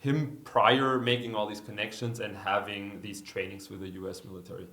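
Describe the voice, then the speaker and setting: A man, a guest chatting casually in an interview, quick and animated with frequent laughs. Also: on the low side. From Germany. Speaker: company president, guest.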